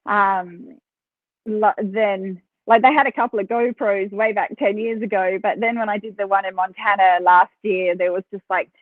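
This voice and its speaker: A woman with an Australian accent, a podcast guest telling stories in a chatty, animated way and laughing between phrases. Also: mid-range voice, normal speed, no room sound. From South Australia. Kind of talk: casual interview storytelling. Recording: tinny phone line, dry.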